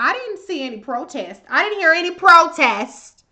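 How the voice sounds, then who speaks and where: Her voice is very high-pitched and sharp, swinging widely in pitch at a normal speed. As a livestream host doing political commentary, she welcomes viewers by name and rants fiercely, swearing heavily and showing open contempt.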